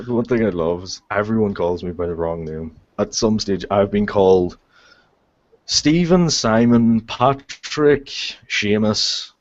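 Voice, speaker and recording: A man's voice: lowish voice, lively intonation, slow, slight background noise. A young man with a Northern Irish accent telling stories in casual chat, swearing freely and laughing at his own tales. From Northern Ireland. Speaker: guest on a live chat show. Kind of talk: casual storytelling. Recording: dull lo-fi sound.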